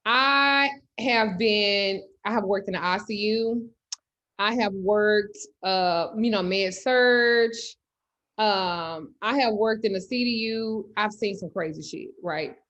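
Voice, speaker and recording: A woman telling a comedic story in animated, loud, profane style. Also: mid-range voice, slow pace, highs cut off. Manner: animated, loud, cursing freely. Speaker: host.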